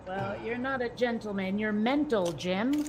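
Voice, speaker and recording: A woman's voice: medium pitch, unhurried, a little hiss or hum. Woman with dry teasing comebacks. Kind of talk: casual chat.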